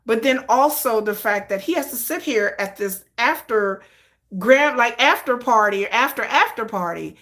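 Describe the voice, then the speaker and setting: A woman on a casual live stream tells her story in a rambling, chatty way. She restarts her sentences often, and her voice sits a little high. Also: animated, normal speed, fairly bright tone. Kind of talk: casual storytelling about her fan fiction.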